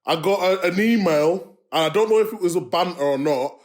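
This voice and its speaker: A man in his thirties co-hosting a casual chat, excitable and quick to laugh. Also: sits high. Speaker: podcast co-host.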